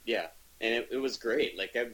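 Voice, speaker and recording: Husky-voiced man chatting eagerly. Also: mid-range voice, normal speed, fairly bright tone, poor audio. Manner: enthusiastic, rambling with frequent restarts. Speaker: podcast co-host reviewing comics. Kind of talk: casual chat.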